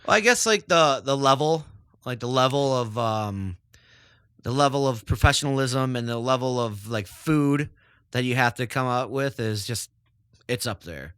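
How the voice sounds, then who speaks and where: A man speaks in a loose, rambling way, packing his sentences with filler words as he chats about his work. His voice is bright and crisp. The recording is dry and close, with no room sound. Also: medium pitch, animated, moderate pace, no echo. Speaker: chef guest. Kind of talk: casual interview talk.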